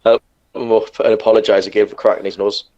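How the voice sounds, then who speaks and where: A man's voice: fairly low pitch, flat delivery, fast, darkish tone, highs cut off. A man playing a tabletop game, talking hesitantly and often repeating words. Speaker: player.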